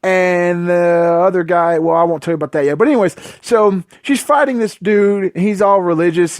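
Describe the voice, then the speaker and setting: A man's voice: high voice, fairly quick, hardly any pauses, dry recording, studio quality. A man giving a casual, profane, sarcastic movie review, exasperated and full of fillers. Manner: loose filler-heavy talk.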